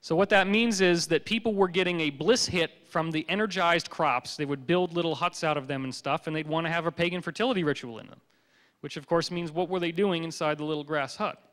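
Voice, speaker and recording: Male lecturer, slightly high voice, playful storyteller, long hall reverb. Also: brisk. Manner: joking, animated storytelling. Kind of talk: public lecture.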